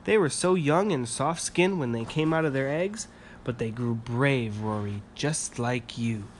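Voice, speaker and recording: A man voicing a kindly, protective male winter dragon in a storybook read-aloud, speaking gently with soft chuckles. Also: mid-range voice, a little slow, a little hiss or hum, close to an everyday voice. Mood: gentle.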